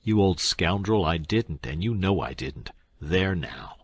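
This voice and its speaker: A brisk, scornful swindler, as a male reader puts him on. He snaps out sarcastic jabs in a low, husky voice. The recording is dry and close. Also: expressive, dry recording, full character voice. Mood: angry.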